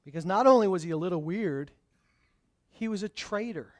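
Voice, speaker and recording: A man's voice: sits high, lively intonation, moderate pace. A male pastor preaching a sermon, telling stories casually and then building to emphatic, raised declarations.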